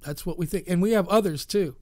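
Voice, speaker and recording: High-voiced joking radio co-host. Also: male voice, a little mellow, dry recording, clean studio sound. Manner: joking, storytelling, quick asides. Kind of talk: casual radio chat.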